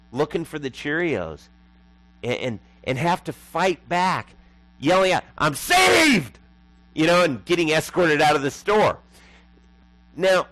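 A man's voice: a little high, a bit bright, poor audio. A man preaching a sermon as pastor, emphatic and repeating lines for effect.

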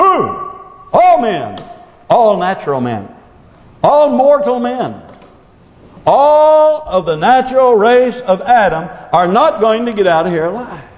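A man preaching a sermon as pastor, his voice swooping up on emphasis and dropping low when he reads scripture. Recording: echoey hall, dull lo-fi sound.

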